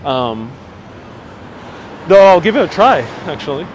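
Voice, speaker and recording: A man's voice: fairly high pitch, very animated, measured pace, noisy background. Chatty man streaming a city walk. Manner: chatty, reads viewer comments aloud and reacts. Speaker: live-stream walking tour host. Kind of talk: casual live-stream narration. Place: outdoors on city streets. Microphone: phone on handheld gimbal.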